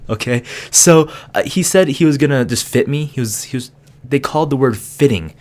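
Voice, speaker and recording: A man's voice: mid-range voice, normal speed. A young man, a college student, casually telling a funny story to camera, laughing and acting out voices. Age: young adult. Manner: animated, laughing, acts out voices. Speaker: vlogger.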